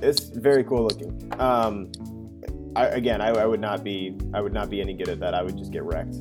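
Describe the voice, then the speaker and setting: A man co-hosting a casual podcast, excitable and swearing freely as he reacts to what he sees. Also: fairly low pitch, brisk, music in the background. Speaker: podcast co-host. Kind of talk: casual chat.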